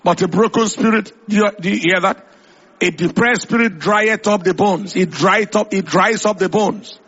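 A man's voice: high voice, normal speed, fairly bright tone, breathy edge, muffled recording. A man preaching a sermon with an emphatic, repetitive cadence, quoting scripture at length.

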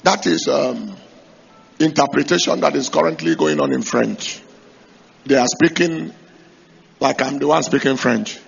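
A man preaching a sermon in a high, gravelly voice with a bright, cutting edge. He pushes his points hard, climbing to shouts, and keeps checking that the congregation is following. The recording is muffled and lo-fi. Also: measured pace, long pauses. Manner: emphatic, rising to shouts to drive points home; asks the congregation rhetorical questions.

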